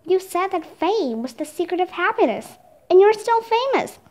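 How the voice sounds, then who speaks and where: Eager storybook girl, high voice, bright and pleading, read by a woman. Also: sing-song, moderate pace. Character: excited eager young girl.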